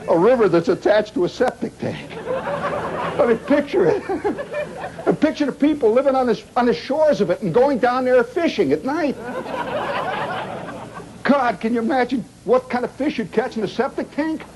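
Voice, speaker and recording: Wry, animated man spinning a live comic tale. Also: extremely high pitch, crowd noise. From Indiana, United States. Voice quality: wry, animated storytelling with dramatic pauses and sound effects. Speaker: storyteller performing to a live audience. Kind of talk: rambling comic monologue. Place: auditorium with a live audience. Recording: 1970s live recording with noisy audience.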